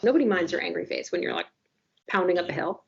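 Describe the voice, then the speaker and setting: A woman in her forties co-hosting a casual podcast chat, telling stories with wry, self-deprecating humor and quick asides. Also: fairly low pitch, huge pitch swings, gravelly. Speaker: newspaper podcast co-host. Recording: slightly dull lo-fi audio.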